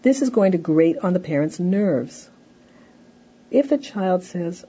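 A woman lectures on parenting, explaining patiently and slipping into short acted examples. Her voice sits low and mellow with a husky edge. The recording sounds a little dull and lo-fi. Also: lively intonation, takes it slowly. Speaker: parenting educator. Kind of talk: instructional talk.

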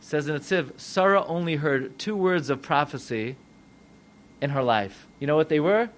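A rabbi preaching a sermon, animated and full of rhetorical questions to his listeners. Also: on the high side, normal speed.

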